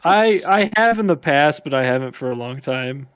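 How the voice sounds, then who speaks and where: A man's voice: medium pitch, lively intonation, normal speed, fairly bright tone, clear, resonant tone, dry recording. A man co-hosting a podcast in casual chat, rambling with lots of fillers. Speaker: podcast co-host.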